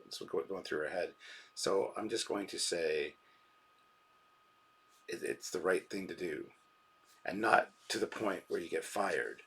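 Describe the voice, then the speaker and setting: Low gravelly man chatting on a stream. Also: measured pace, pauses often, a bit bright. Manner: rambling, reads out chat donations. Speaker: live-stream reaction host. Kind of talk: casual live-stream commentary.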